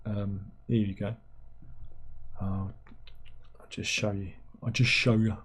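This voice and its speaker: A man's voice: fairly low pitch, flat delivery, slow pace, breathy edge. A middle-aged man, hosting a casual livestream, rambling on and reading out viewer comments. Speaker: livestream host.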